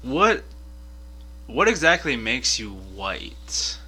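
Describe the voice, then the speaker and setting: Brief: young male co-host, very slow teasing delivery, sharp bright timbre, hum underneath. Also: mid-range voice, very animated, husky. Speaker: podcast co-host. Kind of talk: casual chat.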